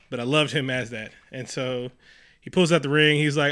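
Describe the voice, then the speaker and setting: A man co-hosting a casual movie recap, profane and animated, slipping into mocking quoted voices. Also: medium pitch, moderate pace. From New York. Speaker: podcast co-host.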